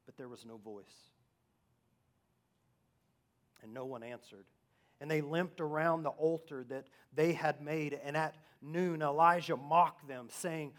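A man delivering a sermon in a somewhat high voice. He poses rhetorical questions and moves from loud, forceful emphasis to quiet, hushed asides. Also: measured pace. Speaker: preacher.

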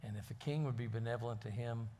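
Male preacher, folksy storyteller, mid-pitched. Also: fast talker, warm tone, a little hiss or hum. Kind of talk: sermon with storytelling.

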